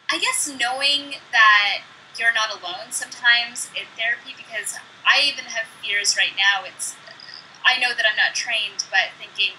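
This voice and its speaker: A woman's voice: mid-range voice, sharp tone, a little hiss or hum, low-quality recording. A woman speech therapist talking thoughtfully and a bit hesitantly over a video call, often trailing off. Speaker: speech-language pathologist, host. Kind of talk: casual video call conversation.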